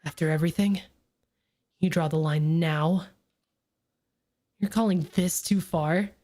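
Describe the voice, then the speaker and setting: A woman voicing a resentful young man who is turning monstrous in a game, her voice dropped low and bitter. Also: fairly even intonation, unhurried, dark tone.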